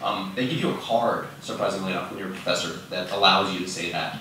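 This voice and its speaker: A man's voice: deep voice, fast, recorded from a distance, noisy background. A young man giving a casual conference talk, chatty and self-deprecating, with lots of fillers, moving around away from a fixed microphone. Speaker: conference speaker. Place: large conference room. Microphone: fixed microphone, speaker moving around. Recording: roomy, from off-mic at times.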